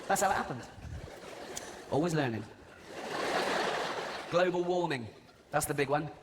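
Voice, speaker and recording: Animated stand-up comedian in an arena. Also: male voice, fairly high pitch, measured pace, very noisy. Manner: mocking, swearing, mimics people. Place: large live venue before an audience. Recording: echoey arena with loud crowd ambience.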